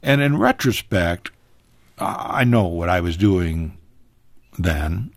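A man telling a personal story as a guest on a radio talk show, animated, his voice leaping higher at emotional moments. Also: slow pace, vocal fry, no room sound. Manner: animated, pitch jumping high in emotional moments.

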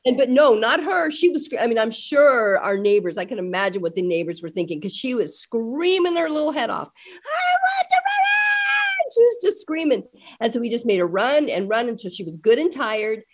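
A middle-aged woman, a parent guest in an interview, telling family stories with lively acted-out dialogue. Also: a little high, a little fast, a little hiss or hum. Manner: animated storyteller acting out family dialogue. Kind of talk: conversational interview storytelling.

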